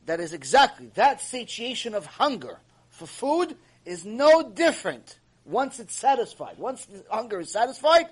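A man gives an animated Mussar lecture in a high, husky voice. His pitch swings widely as he repeats key lines and keeps pressing with rhetorical questions. He lectures with lively energy. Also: poor audio. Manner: repetitive, acts out dialogue, rhetorical questions. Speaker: Torah teacher giving a Mussar lecture.

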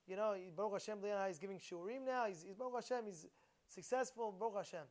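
A man teaching a short Torah lesson, emphatic and animated, firing rhetorical questions and repeating himself. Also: high voice, fast talker. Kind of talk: informal Torah talk.

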